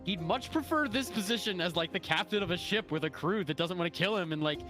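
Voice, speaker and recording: Higher-voiced man rambling on a call. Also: animated, quick pace, pushed and bright, soft background music. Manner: rambling with many fillers. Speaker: tabletop game player. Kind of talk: casual out-of-character chat.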